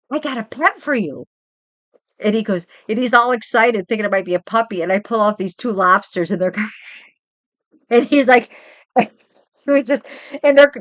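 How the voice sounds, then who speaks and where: An older woman and grandmother hosting a casual livestream chat, rambling and animated as she tells stories from home. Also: a little high, dry recording. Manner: chatty, rambling, animated storytelling. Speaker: livestream host.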